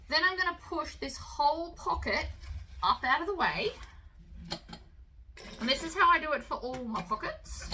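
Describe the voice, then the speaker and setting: A woman's voice: high voice, sharp tone, slight background noise, low-quality recording. A woman giving a casual, chatty sewing tutorial, explaining each step as she works.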